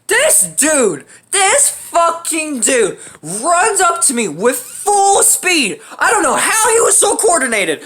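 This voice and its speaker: A woman's voice: sits high, huge pitch swings, slow pace, few pauses, a bit bright. A young adult woman hosting a storytime channel, telling a story in a casual, profane way and laughing often.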